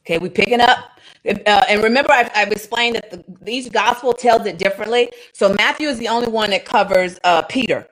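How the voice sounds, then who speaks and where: A woman leading a casual livestreamed Bible study, animated and quick to laugh, with dramatic asides. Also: medium pitch, rough recording.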